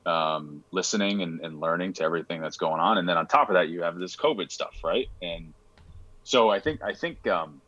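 A man's voice: deep voice, fairly quick, fairly bright tone, no echo, lo-fi sound. A young man from Rhode Island, a podcast guest talking casually and hesitantly, with many fillers and restarts. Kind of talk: casual interview chat.

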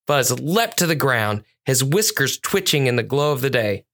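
A storyteller narrating a children's police story at a measured, clear pace. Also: mid-range voice, big pitch swings, a bit bright.

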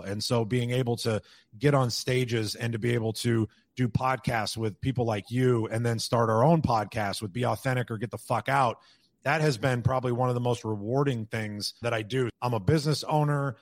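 A man talking as a podcast guest in a candid, quick way, peppered with swearing. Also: mid-range voice, fairly even intonation, no echo. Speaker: podcast guest, roofing business owner. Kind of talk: casual interview talk.

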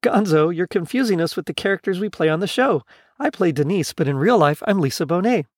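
A man reading the lines of a gentle, patient young actress who explains things kindly. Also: high voice, lively intonation, brisk, no echo, studio quality.

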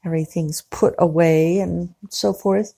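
A woman talking casually about her day in a chatty, rambling way, quick to laugh, from her living room at home. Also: on the low side, steady tone, gravelly, warm tone. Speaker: podcaster. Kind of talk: casual diary-style monologue.

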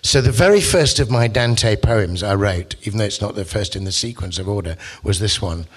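A man's voice: on the low side, brisk, husky. Chatty man giving a rambling talk. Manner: chatty and rambling, with frequent asides and restarts. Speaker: poet and musician giving a talk. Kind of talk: casual lecture and poetry talk.

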